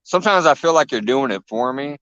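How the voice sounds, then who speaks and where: A man's voice: medium pitch, expressive, fast, fairly bright tone, no echo. A man hosts a casual livestream in a loose, easygoing way, laughing often as he reads out chat names. His voice sits in the middle range and sounds dry and close. The sound is a little dull and lo-fi. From Illinois. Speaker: livestream host.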